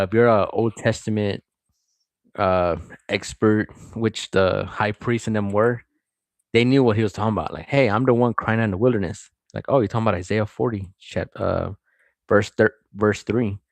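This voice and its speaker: A man's voice: lowish voice, steady tone, moderate pace, dry recording. A man reading a chapter of scripture aloud and breaking off to comment on it and greet his viewers. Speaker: scripture reader.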